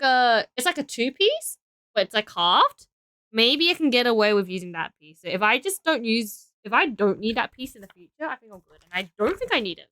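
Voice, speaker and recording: A tired young Australian woman chats on a live stream, thinking out loud with lots of fillers. Her voice is bright, crisp and lively in pitch, recorded close and dry. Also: dry recording. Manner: tired, rambling, thinking aloud with frequent fillers. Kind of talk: casual live-stream chat while building.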